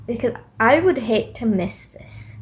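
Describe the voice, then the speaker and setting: A woman's voice: fairly high pitch, animated, unhurried. A young woman student chatting casually in a video diary, rambling with lots of fillers. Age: young adult. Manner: rambling, self-talking with many fillers. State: tired late at night. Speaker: student vlogger.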